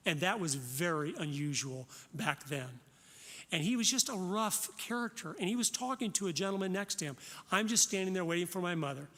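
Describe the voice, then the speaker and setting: A man in his fifties speaks with fervent, preacherly directness, his voice sitting a little higher than most men's. His talk rings out through a large hall, with a long reverb trailing each phrase. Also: bright, forceful tone. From Florida. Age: 50s. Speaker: conference speaker. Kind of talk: impassioned conference talk.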